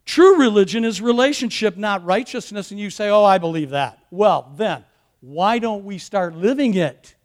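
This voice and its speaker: A man preaching a sermon, emphatic with playful self-mocking asides, building to shouts. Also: sits high, animated, moderate pace. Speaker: pastor.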